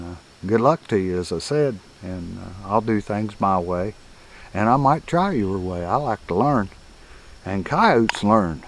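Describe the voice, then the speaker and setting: An older man, teaching coyote calling in a folksy, rambling, chuckling way. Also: on the low side. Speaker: coyote hunting instructor. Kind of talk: casual outdoor teaching.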